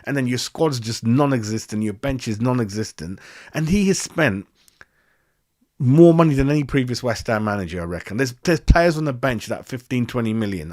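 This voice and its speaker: A man's voice: mid-range voice, animated, moderate pace, darkish tone. A man hosting a football fan channel, ranting after a match in an exasperated, repetitive way with plenty of swearing. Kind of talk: post-match fan rant.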